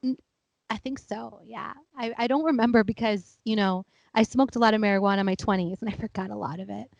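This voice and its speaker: A woman's voice: medium pitch, a little fast, creaky, no room sound, highs cut off. A woman in her thirties, a podcast co-host, telling stories in casual chat and acting out her family's voices. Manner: animated storyteller, acts out family members; laughing, chatty.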